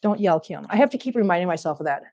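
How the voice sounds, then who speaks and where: A chatty woman from Missouri talks casually into a laptop microphone at home. She rambles between topics and slips into soft baby talk for her cats. The audio is slightly dull. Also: fairly low pitch, animated, very fast. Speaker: cat channel host. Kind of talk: casual livestream chat.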